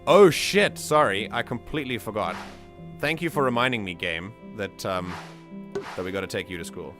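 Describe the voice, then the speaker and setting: A man's voice: fairly low pitch, animated, normal speed, music in the background. A man hosting a let's play, chatting casually and explaining his choices as he plays. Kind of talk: casual game commentary.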